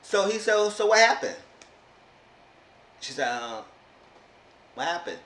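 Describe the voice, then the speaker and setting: A man's voice: high-pitched, very animated, slow, fairly bright tone. A man giving a casual, sassy recap of a reality show, exasperated and often mimicking the people he talks about. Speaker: TV show reviewer. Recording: echoey room with faint noise.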